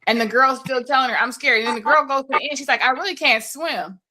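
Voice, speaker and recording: A woman's voice: sits high, fairly even intonation, racing, bright, forceful tone. A woman co-hosting a casual podcast chat, animatedly retelling a story and acting out the voices in it. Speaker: podcast co-host.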